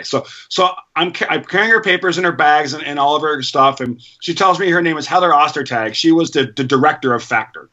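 A man who manages a band, chatting casually as an interview guest and telling lively stories in which he acts out other people's lines. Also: fairly high pitch, quick pace, few pauses, dull audio. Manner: animated storyteller acting out quoted dialogue. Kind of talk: casual conversational storytelling.

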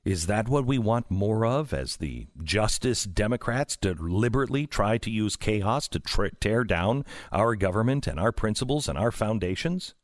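A man's voice: on the low side, lively intonation, moderate pace, hardly any pauses, no echo, clean studio sound. A male talk show host delivering an opinionated political monologue, emphatic and sarcastic, full of rhetorical questions.

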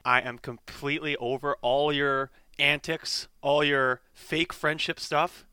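A man's voice: fairly high pitch, fairly even intonation, unhurried, sharp tone, clean tone, no room sound, studio quality. A man in a comedy sketch, talking in a mock-offended, dramatic way and laughing between lines. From Canada.

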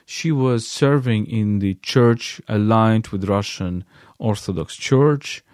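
A man recounting a field visit in a halting way, with many fillers and restarts. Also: on the low side, darkish tone, no echo, studio quality. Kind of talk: halting spoken account.

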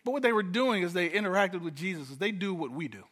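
Bright-voiced conversational pastor. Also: male voice, high-pitched, expressive, quick pace. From Detroit, USA. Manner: conversational, repeats words when starting a thought. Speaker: guest pastor. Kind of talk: sermon.

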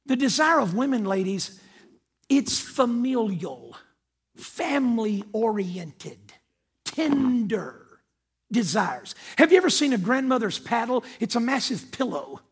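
An older pastor preaches emphatically, calling out to his congregation while mixing scripture readings with personal stories told through quoted dialogue. His voice is very high, sing-song, husky, and slow-paced.

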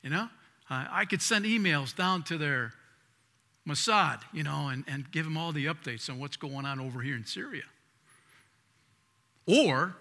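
A male pastor preaching with a very bright, forceful tone and a voice pitched a little high for a man. He talks conversationally, restarting words, and moves between loud emphatic lines and hushed asides. The sound carries a long hall reverb. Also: expressive, normal speed, creaky, long pauses. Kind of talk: sermon.

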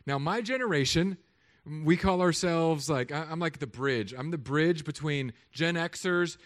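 An animated pastor in his thirties preaches with comic storytelling. His voice sits somewhat high for a man, and he swings between loud, punchy lines and hushed asides. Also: a little slow. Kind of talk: sermon.

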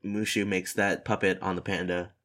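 Very deep-voiced woman, dry and exasperated. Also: level tone, moderate pace. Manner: dry, exasperated, curses in agreement. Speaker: podcast co-host. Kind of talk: casual podcast chat.

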